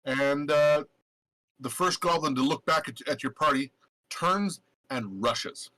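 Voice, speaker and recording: A man narrating a tabletop game as game master, halting with many fillers. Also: on the high side, pushed and bright, rough recording.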